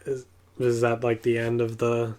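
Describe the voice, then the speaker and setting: A man's voice: medium pitch, normal speed. A young man co-hosting a casual podcast, giving short replies and asking follow-up questions. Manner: flat, short responses and questions. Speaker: podcast co-host. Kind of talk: casual chat.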